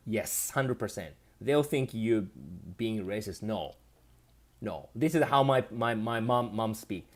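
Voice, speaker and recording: A native Japanese speaker from Japan hosts a casual live stream, reading viewer comments out loud and replying in a loose, halting, chatty manner. His accent is Japanese with a touch of Australian English. His voice is on the low side and animated.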